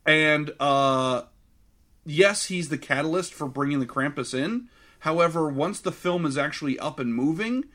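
A man co-hosting a casual podcast about films. His voice sits a little high. He talks in an animated, profane way and mocks what he dislikes. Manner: animated, profane, mocking impressions. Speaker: podcast co-host. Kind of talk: casual film review chat.

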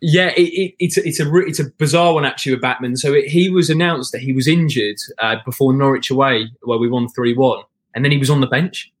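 A man talking as a guest in casual podcast chat, long-winded, with frequent restarts and throat clearing. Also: mid-range voice, fast talker. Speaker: guest football fan.

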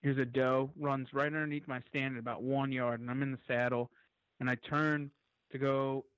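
A man as a podcast guest, telling a long story in an excited, rambling way and swearing freely. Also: mid-range voice, moderate pace, clear, resonant tone, no echo, lo-fi sound.

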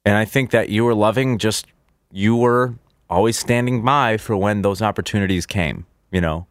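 A man on a podcast gently reassuring his friend, often adding "you know" as he talks. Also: lowish voice, normal speed, no echo, clean studio sound. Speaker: podcast co-host. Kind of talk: supportive conversation.

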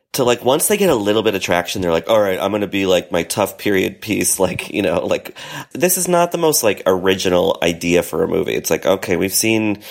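A man's voice: deep voice, gravelly. A man co-hosting a podcast in casual chat, laughing easily and talking with lots of fillers. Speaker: podcast co-host.

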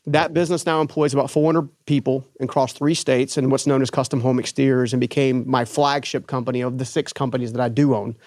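Animated storytelling man, dry sound. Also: mid-range voice, brisk, few pauses, no echo. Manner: animated storyteller acting out quoted voices. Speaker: business owner guest. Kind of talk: storytelling in an interview.

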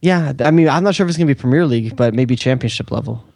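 An American man co-hosting a casual soccer podcast, with a wry, teasing way of slipping in quick quips. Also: mid-range voice, creaky, a little mellow, no room sound, studio quality. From United States. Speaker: podcast co-host.

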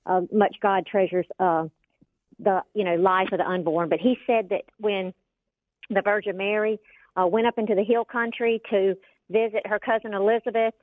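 A woman's voice: mid-range voice, no room sound. A woman calling in to a radio show, earnestly retelling something she heard at church. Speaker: caller. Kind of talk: phone-in call. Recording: phone line.

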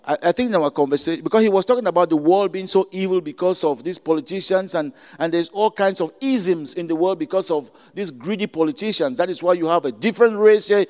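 A man from Cameroon with a Cameroonian accent, preaching a sermon with emphatic, repeated phrases and halting restarts. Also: high voice. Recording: long reverb of a hall.

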